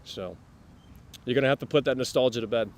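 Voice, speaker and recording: A man hosting a live stream, rambling to his chat with sudden loud bursts. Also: medium pitch, brisk, a little hiss or hum.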